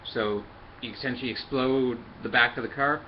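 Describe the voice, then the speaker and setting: A man talks through a hands-on toy review in a mid-pitched voice, pausing often with fillers as he works the parts. The recording sounds a little dull and lo-fi, with a faint hiss underneath. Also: steady tone. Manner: halting, many fillers, talks while handling the toy. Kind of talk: casual hands-on review and demonstration.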